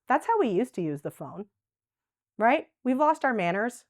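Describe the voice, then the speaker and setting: A woman's voice: fairly high pitch, very animated, normal speed, no room sound, clean studio sound. A woman presenting a live dementia workshop, chatty and conversational, often checking in with "right?". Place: workshop room with a live audience.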